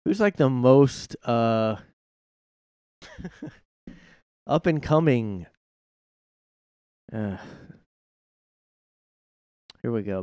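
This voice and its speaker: With long pauses and drawn-out words, a man in a mid-range, expressive, slightly mellow voice hosts his own podcast from his room. His casual solo rant rambles sarcastically with plenty of swearing, and the dry recording has clean studio sound.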